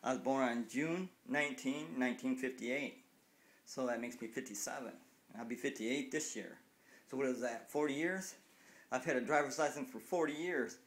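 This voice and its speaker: A man in his late fifties ranting to a phone camera, angry and repetitive, swearing freely. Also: mid-range voice. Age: 50s. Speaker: cyclist vlogger. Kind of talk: casual rant to camera.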